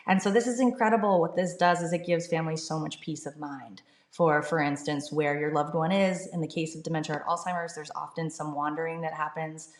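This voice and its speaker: A middle-aged woman, a startup founder, talking earnestly and upbeat as an interview guest. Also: low voice. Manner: earnest, upbeat, fluent with fillers. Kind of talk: conversational interview. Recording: echoey room.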